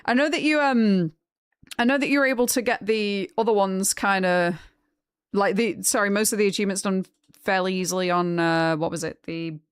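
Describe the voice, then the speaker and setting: Woman, young adult, game streamer, chatty, frank, laughing, mid pitch, dry sound. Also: steady tone, normal speed, clear, resonant tone, no echo. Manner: chatty, laughs often, frank, swears casually. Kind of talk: casual chat with live chat.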